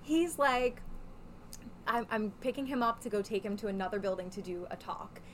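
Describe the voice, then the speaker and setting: A woman's voice: mid-range voice, moderate pace, slight background noise. A woman who organizes a comic convention, chatting casually on a podcast with frequent "like" fillers.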